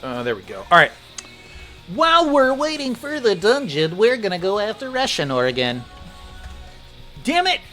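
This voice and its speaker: Male streamer, casual and rowdy; bright, lively, high voice. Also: normal speed, soft background music. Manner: animated, swears, laughs often, breaks into loud outbursts. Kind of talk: casual gaming stream chat.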